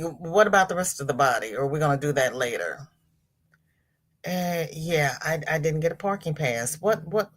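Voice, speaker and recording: A woman hosting a casual livestream, greeting chat viewers by name in sing-song hellos and jumping to high exclamations. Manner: chatty and animated, with sudden high exclamations. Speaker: livestream host.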